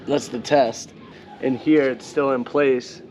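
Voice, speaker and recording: A man's voice: mid-range voice, fairly even intonation, slow, a little mellow, slight background noise. A man with a New York accent, a van life vlogger, casually explaining a hands-on install outdoors. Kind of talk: casual how-to narration. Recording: music playing behind voice.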